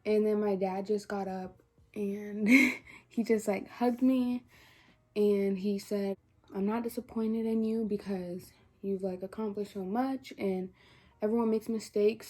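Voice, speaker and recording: A teenage girl on the verge of tears tells a personal story to the camera in a casual vlog, saying "like" a lot and quoting dialogue. Her mid-range voice is level, moderately paced and a little mellow.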